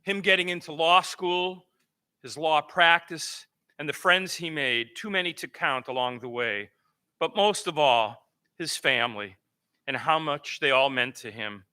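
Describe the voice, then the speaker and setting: Man in his 70s, reflective eulogy for an old friend, smooth and very bright tone. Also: a little high. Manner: reflective, measured remembrance. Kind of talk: memorial eulogy. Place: memorial service.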